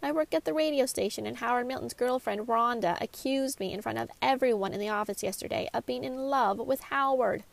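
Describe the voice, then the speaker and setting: An indignant young woman of about twenty, huffy and quick to flare up, as a woman reads her lines. Her voice rides high and loud, with a gravelly rasp underneath, in a storybook mystery.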